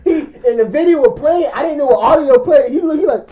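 A man's voice: extremely high pitch, fast talker, hardly any pauses, lo-fi sound. A man telling a story in casual chat, animatedly acting out both sides of the conversation.

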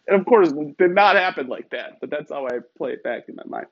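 A man's voice: a little high, expressive, fairly quick. A man from Iran telling a story in a wry, emphatic way, often adding rhetorical tags. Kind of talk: casual storytelling. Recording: slightly dull, lo-fi sound.

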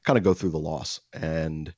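Low-voiced man telling a rambling story. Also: fairly even intonation, moderate pace, a little mellow, dry recording. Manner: rambling with many fillers and swearing. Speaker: podcast co-host. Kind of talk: casual storytelling chat. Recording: dull lo-fi, dry.

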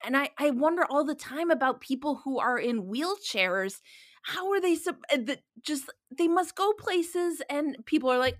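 Woman, high bright voice, dry sound, sympathetic casual chatter. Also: expressive, normal speed, no room sound. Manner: sympathetic, swearing, reactive. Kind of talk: casual chat.

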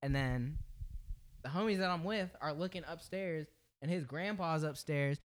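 A young man telling a story in casual chat, animated and slangy, swearing freely and laughing as he goes. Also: on the high side, normal speed.

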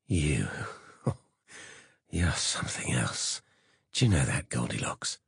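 A man's voice: extremely low pitch, big pitch swings, slow, vocal fry, fairly bright tone, slightly rough, no echo, clean studio sound, voice pushed down, full character voice. A man voicing an overweight, besotted middle-aged man who stammers and fawns. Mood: fawning. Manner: flustered, stammering, fawning.

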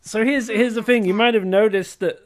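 A woman's voice: fairly high pitch, steady tone, normal speed. A woman co-hosting a casual family podcast, rambling with restarts and easy laughs. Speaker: podcast co-host.

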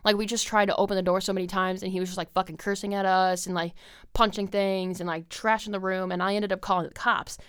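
Young woman, podcast host, casual rambling, lots of swearing, smooth voice, dry close sound. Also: medium pitch, flat delivery, fast talker, dry recording. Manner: filler-heavy, swears a lot.

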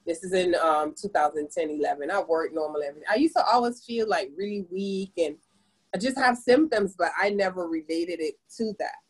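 A woman in her forties from the Caribbean, a podcast guest telling her story in an animated, expressive way. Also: a little fast, slightly rough, poor audio. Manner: animated, expressive storyteller with big pitch jumps. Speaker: podcast guest, business owner. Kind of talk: casual conversational storytelling.

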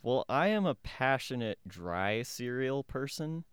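A man's voice: mid-range voice, very animated, measured pace, clear, resonant tone, no room sound, studio quality. A young man co-hosting a podcast, often laughing and teasing his friends in casual chat. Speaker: podcast co-host.

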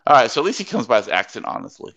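Man, podcast co-host, gravelly fry, lowish voice, dull lo-fi mic, casual book chat. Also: big pitch swings, racing, fairly bright tone, dry recording. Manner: chatty, hesitant with fillers, reads quotes aloud.

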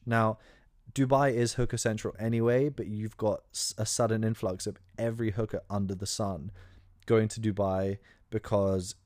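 A young man riffs sarcastically through a crude solo podcast monologue. His voice sits on the low side and he rambles with frequent fillers. The sound is close-miked and dry. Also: a little mellow, no echo. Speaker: podcast host.

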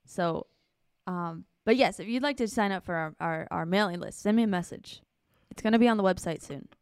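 A woman's voice: on the low side, fairly quick, clear, resonant tone, no room sound, studio quality. A woman pastor co-hosting a church livestream in a playful, chatty way. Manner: playful and chatty, laughs often. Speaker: pastor and co-host. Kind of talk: casual chat.

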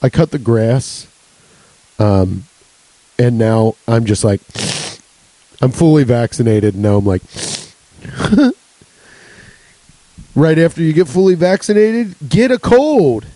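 A man's voice: mid-range voice, very animated, slow, pauses often, mellow, poor audio. A young adult man hosting a solo comedy podcast, rambling and swearing with laughs between jokes. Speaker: podcast host.

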